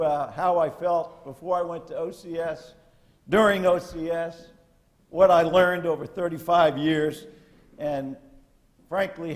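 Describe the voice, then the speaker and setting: An older man speaks as a retired Marine general addressing cadets, blunt and folksy, with salty military asides. His voice sits somewhat high for a man, and he talks to a lecture hall. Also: darkish tone.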